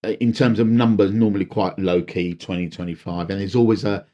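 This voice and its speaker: A man's voice: low voice, dull audio. A man, a wedding DJ, telling stories in casual podcast chat, with lots of fillers and restarts. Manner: animated storyteller, halting fillers and restarts.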